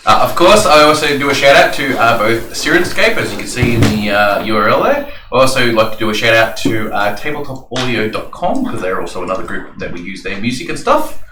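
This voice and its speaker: A man hosting a tabletop game podcast as game master, rambling with lots of fillers and quick to laugh. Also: mid-range voice, lively intonation. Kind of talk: casual podcast chat. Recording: echoey room, distant mic, clear noise.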